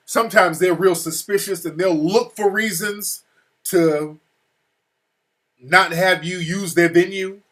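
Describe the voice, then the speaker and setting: A man's voice: high-pitched, fairly even intonation, slow, fairly bright tone. An American man telling a story casually, full of profanity, restarts and asides. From United States. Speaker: speaker recounting a trip.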